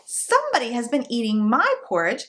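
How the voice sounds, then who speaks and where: A woman voicing a tiny baby bear in a storybook reading, with a sharp, shrill, whiny little voice. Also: huge pitch swings, fairly quick. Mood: upset.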